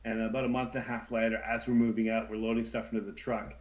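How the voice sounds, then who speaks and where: A man in his thirties telling a story in casual chat, animated and stammering, acting out voices as he goes. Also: fairly low pitch, quick pace, dull audio. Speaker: co-host.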